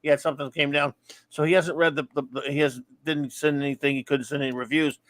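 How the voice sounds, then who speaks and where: A man hosts a casual live-streamed show, reading out listener reviews and greetings while often stumbling, correcting himself, and laughing quickly. His voice is a little high, level, and a bit bright, recorded dry.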